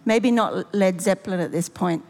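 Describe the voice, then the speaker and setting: A woman's voice: mid-range voice, normal speed, vocal fry, darkish tone. A woman preaching a sermon in a church, making emphatic, repeated declarations and leading a closing prayer. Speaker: pastor, guest preacher. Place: large church auditorium. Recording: long reverb of a big church hall.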